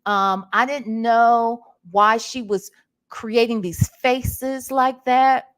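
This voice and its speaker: A woman vlogger doing animated gossip commentary, repeating herself and talking back to her live chat. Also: on the high side, slow pace.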